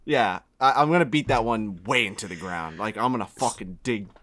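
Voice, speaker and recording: A man's voice: on the low side, brisk, fairly bright tone. A man co-hosting a podcast, rambling between fillers, laughing and swearing. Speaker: podcast co-host. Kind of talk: casual podcast banter.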